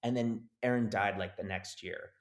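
A man with a fairly low voice tells a story in a relaxed interview. He is animated and jumps into the voices of the people in his story. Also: normal speed. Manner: animated, acts out quoted voices. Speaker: actor guest.

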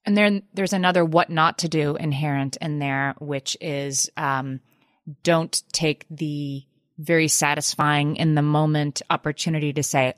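A middle-aged woman explains parenting advice in a calm, measured tone during casual podcast chat. Her voice is very low for a woman. The recording is dry and close. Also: no room sound. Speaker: podcast co-host.

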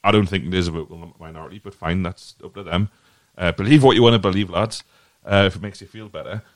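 A fast-talking man with a low voice hosts a casual football podcast, and the recording is dry. He shares his honest take at length, wandering a bit and repeating his words often.

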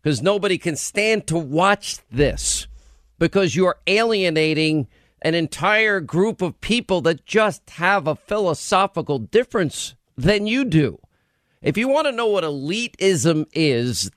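A middle-aged man hosting a radio talk show, telling stories in a rambling, animated way. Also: on the high side, measured pace, dry recording, studio quality. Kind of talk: casual talk radio banter.

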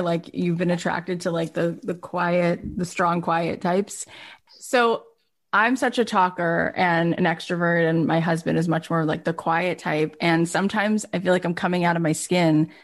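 Woman podcast host, low-pitched voice. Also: fairly even intonation, measured pace. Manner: warm, affirming interviewer asking open questions. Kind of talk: casual interview talk.

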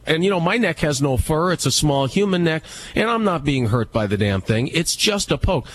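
Emphatic, higher-voiced male co-host spinning anecdotes on air. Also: moderate pace, rough recording. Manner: animated, emphatic storyteller. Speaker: radio co-host. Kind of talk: casual chat, storytelling.

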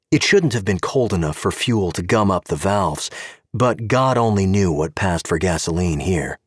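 A man narrating a scripted audio story in a wry, expressive way, recorded on a close studio microphone. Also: low-pitched, husky, dry recording.

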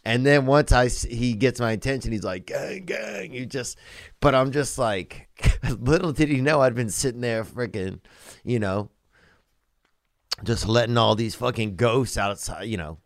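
A man hosting a podcast, talking loosely and warmly to a caller, rambling with laughing asides. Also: medium pitch, normal speed, dry recording, studio quality. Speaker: podcast host. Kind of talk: casual podcast chat.

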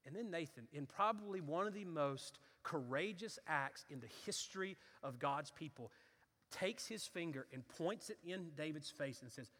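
Male pastor, high and bright, dramatic sermon delivery. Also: moderate pace. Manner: animated storytelling, acts out voices, builds to fervent intensity. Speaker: preacher. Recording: reverberant hall.

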